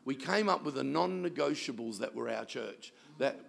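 A man's voice: mid-range voice, animated, normal speed, vocal fry, fairly bright tone, slight background noise. A man, a pastor telling stories in a sermon and mimicking the people he quotes. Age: 60s. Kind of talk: sermon storytelling.

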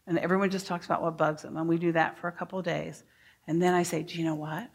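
A middle-aged woman giving a workshop to teachers, speaking deliberately and modeling phrases for the audience to repeat. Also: on the low side, little pitch movement. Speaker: early childhood educator giving a workshop.

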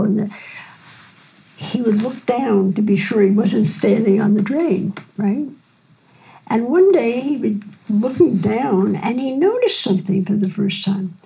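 Older woman, gentle storyteller, gravelly and mellow tone. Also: mid-range voice, rough recording. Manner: gentle unhurried storyteller, frequent "right?". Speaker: physician and teacher. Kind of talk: storytelling in a conversation.

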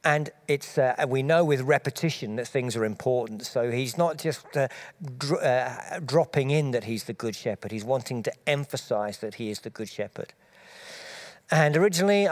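A man preaching, giving a measured, explanatory Bible teaching talk with small restarts as he thinks aloud. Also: medium pitch, darkish tone.

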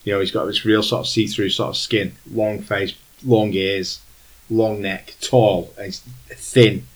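A man's voice: on the low side, flat delivery, unhurried, poor audio. A man acting as game master, describing scenes in a rambling way with plenty of fillers. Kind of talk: narrating a tabletop game.

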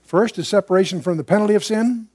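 A man's voice: sits high, fast talker, darkish tone, no room sound, studio quality. An older man teaching the Bible verse by verse to a room, conversational and digressive, with emphatic asides. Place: room with a live audience.

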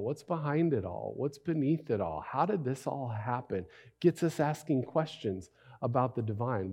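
A man's voice: medium pitch, warm tone. A man preaching a sermon as a pastor, in a conversational way with many rhetorical questions and repeated phrases.

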